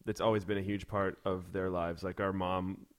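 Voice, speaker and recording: A man's voice: sits low, little pitch movement, moderate pace. A man, a musician guest in a casual interview, who laughs easily and talks with many restarts and fillers.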